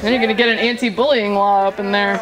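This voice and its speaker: A woman's voice: mid-range voice, steady tone, quick pace, low-quality recording. A woman political commentator giving a humorous, sarcastic live speech and taking questions at a party. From living in Virginia. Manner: chatty, sarcastic, laughing often. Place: indoor party venue. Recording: live room with crowd noise.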